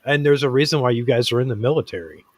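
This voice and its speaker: A man's voice: medium pitch, fast talker, dry recording. A man hosting a casual talk show, earnest and rambling, with lots of fillers and restarts. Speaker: podcast host. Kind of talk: casual chat.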